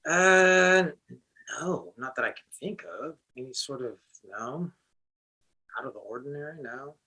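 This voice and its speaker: Bright-voiced rambling man. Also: fairly high pitch, measured pace, breathy edge. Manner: rambling, lots of restarts and fillers. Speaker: musician guest. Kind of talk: casual interview chat.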